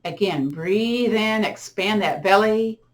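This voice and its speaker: A middle-aged woman teaching gentle yoga, guiding breathing and a body-scan meditation in slow, soothing cues with counted breaths. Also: mid-range voice, over loud music. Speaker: yoga and tai chi instructor.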